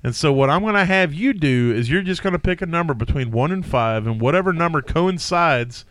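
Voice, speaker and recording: A man's voice: fairly high pitch, animated, brisk, fairly bright tone, no echo. A man co-hosting a casual podcast chat, talking hesitantly with frequent restarts and laughter. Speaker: podcast co-host. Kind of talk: casual fantasy sports chat.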